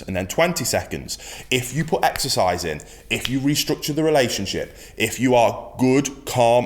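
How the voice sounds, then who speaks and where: A man teaching dog training, speaking in a firm, emphatic way and repeating his key phrases. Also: lowish voice. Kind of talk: instructional talk to camera.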